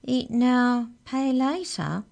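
A woman voicing a huge male giant pastry cook who booms loudly in a storybook reading. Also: animated, a little slow. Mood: booming. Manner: booming, loud.

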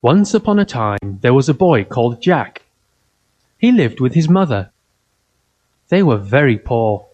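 A man reading a children's fairy tale aloud in simple, even, carefully spoken sentences. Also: mid-range voice, unhurried, long pauses, highs cut off. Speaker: storyteller.

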